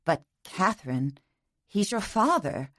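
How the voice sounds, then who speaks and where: A woman's voice: on the low side, very animated, takes it slowly, fairly bright tone, dry recording, studio quality, exaggerated voice. A woman voicing a charming wealthy hostess. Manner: charming, breezy.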